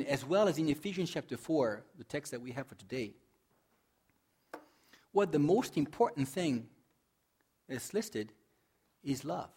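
A male pastor giving a sermon in a conversational way, asking the congregation questions, joking, and reading scripture dramatically, swelling loud and dropping soft. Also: a little high, lively intonation, measured pace, pauses often, husky. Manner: conversational preaching with rhetorical questions and humor.

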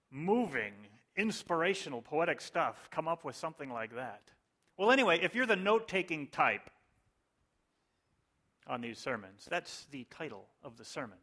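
A man's voice: on the high side, bright, forceful tone. A male pastor giving a conversational sermon with joking asides.

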